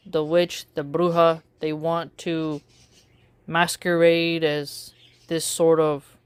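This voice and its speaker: Slow, smooth-voiced woman commentator. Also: lowish voice, no room sound. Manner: wry, measured, drawn-out phrasing with pauses. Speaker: political commentary vlogger. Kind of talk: casual opinion commentary.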